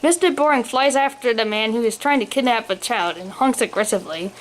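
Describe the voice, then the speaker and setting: A woman's voice: fairly high pitch, fairly quick, a little hiss or hum. A woman narrating a funny storybook aloud, with the odd slip while reading. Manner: reads aloud, occasional slips. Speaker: story reader.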